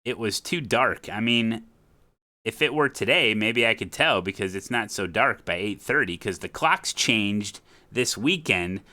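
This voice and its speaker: A man's voice: on the low side, expressive, unhurried, bright, forceful tone. A man voicing a chatty, rambling elderly widowed woman who lives next door, folksy and a bit forgetful.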